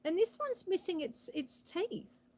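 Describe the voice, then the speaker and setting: Woman, high voice, slightly winded, phone live-stream host, chatty. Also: very animated, unhurried, darkish tone, rough recording. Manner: chatty, reads out viewer comments. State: a bit out of breath. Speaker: homestead livestream host. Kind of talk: casual live-stream chat. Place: outdoors on a rural property. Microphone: phone held for live stream.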